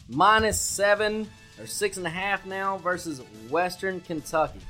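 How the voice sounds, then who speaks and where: A man co-hosting a sports betting podcast, talking loudly and brashly with lots of swearing and hype. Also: high voice, a little slow, hardly any pauses, soft background music. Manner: loud, brash, profane and hyped. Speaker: podcast co-host.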